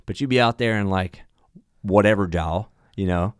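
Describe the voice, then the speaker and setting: Casting: male airline pilot guest, low smooth voice, dry close sound, animated storyteller. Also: moderate pace, dry recording. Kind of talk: casual podcast chat.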